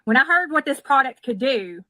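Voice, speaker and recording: A woman giving an earnest, confiding sales pitch, played back sped up at one and a half speed. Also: expressive, normal speed, sharp tone, dry recording. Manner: earnest, confiding, keeps saying okay. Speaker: product seller.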